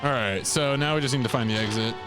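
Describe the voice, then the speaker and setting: A man's voice: medium pitch, fast, over loud music. A young man giving casual commentary while playing a video game, rambling and leaning on filler words. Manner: rambling, many "like" fillers, laughs to himself. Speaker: let's play host.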